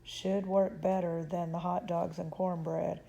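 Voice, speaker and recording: A woman voicing a friendly, generous bait shop owner in a storybook reading, in her own slow low voice. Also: little pitch movement, gravelly, dark tone, lo-fi sound.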